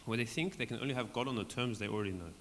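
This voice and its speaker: With a voice that's turning hoarse, an Australian Bible study leader clears his throat and talks rapid-fire to a group in a church hall, often tossing in "right?". His pitch is medium and a bit bright; the hall adds long reverb and there's faint background noise.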